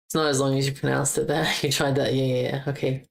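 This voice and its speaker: A woman's voice: a bass voice, little pitch movement, fast, creaky. A woman streaming casually, repeating German words aloud as she practices pronunciation and blurting out casual exclamations. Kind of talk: casual live-stream chat.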